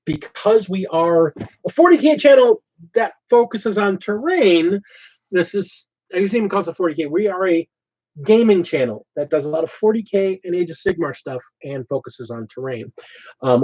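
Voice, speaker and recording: A man's voice: fairly high pitch, expressive, normal speed, mellow. A man hosting a casual hobby channel chat, thinking aloud as he explains his plans. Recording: slightly dull lo-fi audio.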